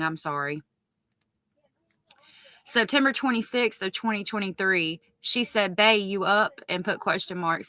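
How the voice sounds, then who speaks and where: A woman commenting on a livestream. She reads text messages aloud in a hushed voice, corrects herself often, and breaks off to curse in disbelief. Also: on the low side, no echo. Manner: stops to correct herself mid-read. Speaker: true-crime commentator. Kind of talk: livestream commentary reading court evidence.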